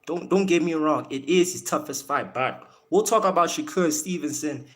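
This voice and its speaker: A man's voice: on the high side, normal speed. A man from Africa, casually talking boxing on a live stream and repeating words as he restarts his sentences. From South Africa.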